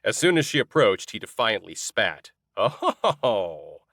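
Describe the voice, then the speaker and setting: A man's voice: lowish voice, very animated, moderate pace, bright, forceful tone, no room sound, studio quality. A man narrating a comic fantasy novel in the first person, wry and storytelling. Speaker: audiobook narrator.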